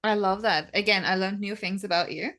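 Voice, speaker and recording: A woman's voice: medium pitch, steady tone, fairly quick, fairly bright tone. A woman hosting a podcast, laughing easily and encouraging her guest. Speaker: podcast host, coach. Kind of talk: casual podcast interview.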